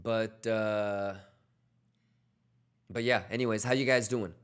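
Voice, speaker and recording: A man's voice: fairly low pitch, fairly even intonation, slow, clean tone. Blunt, profane man hosting a trading livestream. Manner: blunt, profane, motivational, reads chat aloud. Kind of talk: casual livestream chat.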